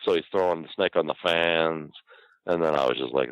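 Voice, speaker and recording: A man's voice: rumbling low, a little fast, clean tone, dry recording, dull audio. An older man telling profane, rambling stories in a casual interview, often laughing mid-sentence. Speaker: guest storyteller.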